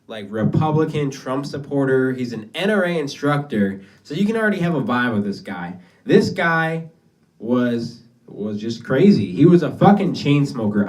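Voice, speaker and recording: A man's voice: fairly high pitch, a little mellow, recorded from a distance. A young man doing his first stand-up set, telling rambling, profane stories in a casual way. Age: young adult. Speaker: stand-up comedian. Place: small basement venue.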